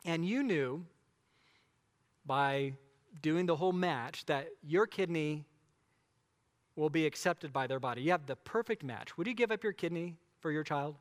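Male pastor, slightly higher voice, emphatic conversational sermon, long echo of a church hall. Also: animated, measured pace, pauses often. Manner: emphatic, conversational preaching with rhetorical questions.

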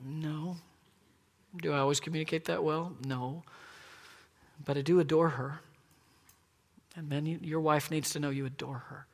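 A man's voice: fairly high pitch, fairly even intonation, moderate pace, long pauses. Man preaching with echoing hall sound. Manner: earnest, emphatic preaching, dropping to soft asides. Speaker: pastor. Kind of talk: sermon. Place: church sanctuary.

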